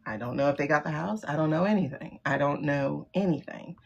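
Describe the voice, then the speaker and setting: A woman's voice: deep voice, a little fast, vocal fry, slightly rough, highs cut off. A middle-aged woman hosting a tarot livestream, talking casually and bluntly, swearing and laughing often. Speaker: livestream host doing tarot readings.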